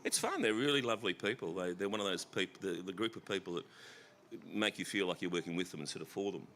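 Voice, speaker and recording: Lively low-voiced Australian man. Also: fast talker, slight background noise. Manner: animated, self-deprecating, stammers and restarts. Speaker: festival guest actor. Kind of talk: onstage conversation. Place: festival stage.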